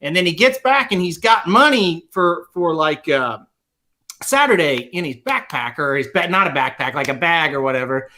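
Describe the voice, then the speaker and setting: A man's voice: a little high, expressive, moderate pace, pushed and bright. A man co-hosting a podcast, telling a funny trip story in loose, chatty talk and laughing as he goes. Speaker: podcast co-host. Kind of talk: casual chat telling funny stories.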